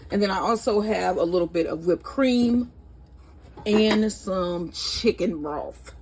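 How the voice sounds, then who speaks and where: A woman's voice: medium pitch, slow, slight background noise. A woman hosting her own cooking vlog from a home kitchen. She talks chattily, gasps with delight and keeps tasting as she goes. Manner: chatty, excitable, gasping with delight, often tasting while talking. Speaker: cooking channel host.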